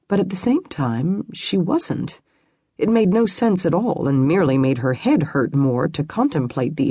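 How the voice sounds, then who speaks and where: Breathy woman narrating a novel. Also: low-pitched, darkish tone, no room sound, clean studio sound. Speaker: audiobook narrator. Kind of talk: scripted narration.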